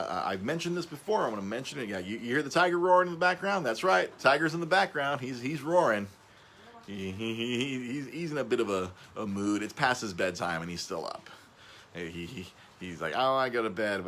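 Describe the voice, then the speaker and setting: A man hosting a casual podcast, rambling, stumbling over and repeating his words, his voice jumping up when he gets excited. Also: medium pitch, a little hiss or hum. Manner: excitable, voice jumps up on emphasis. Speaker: podcast host.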